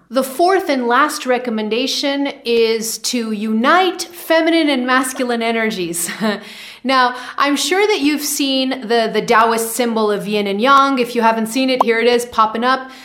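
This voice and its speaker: A woman's voice: a little high, a bit bright. A woman giving a spiritual teaching monologue to camera, repeating phrases for emphasis and often checking in with okay.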